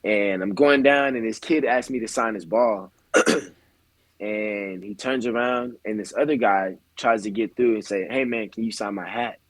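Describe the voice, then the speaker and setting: A man's voice: lowish voice, unhurried, no echo, poor audio. A young adult man, a baseball player guest, telling stories in a laid-back way full of slang on a casual podcast.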